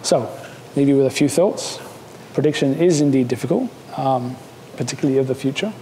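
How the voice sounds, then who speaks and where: A man's voice: medium pitch, fairly quick, warm tone, slight background noise. Casual male scientist in a lecture hall. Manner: casual, joking, many fillers and restarts. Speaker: seminar speaker. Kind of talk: academic seminar talk.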